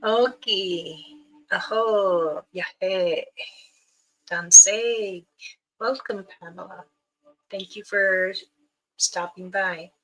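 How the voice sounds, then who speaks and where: An older woman speaks as an elder and guide on her own livestream. She takes her time, and her words drift and circle back as she tells the story. Her voice is bright and slightly strained. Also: mid-range voice, extremely slow, long pauses, poor audio. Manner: meandering, with many fillers and restarts.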